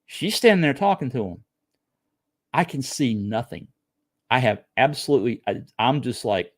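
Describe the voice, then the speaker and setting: A man in his sixties from South Carolina, a podcast guest telling a personal story in a casual way, acting out his own thoughts with bursts of excitement. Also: mid-range voice, moderate pace. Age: 60s.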